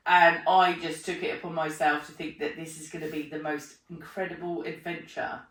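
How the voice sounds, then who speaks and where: A woman's voice: deep voice, moderate pace. A woman tells stories in a casual interview, acting out her own lines and often breaking into laughter. Her voice sounds roomy and a little distant from the mic. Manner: animated storyteller, acts out her own remarks, laughs often. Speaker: podcast host being interviewed.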